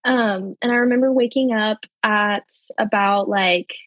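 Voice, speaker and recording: Young woman, podcast guest; casual storyteller, lots of um and you know, mid pitch, dry close mic. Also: steady tone, unhurried, dry recording, dull audio. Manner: chatty, heavy with fillers like um and you know; jumps higher when quoting people.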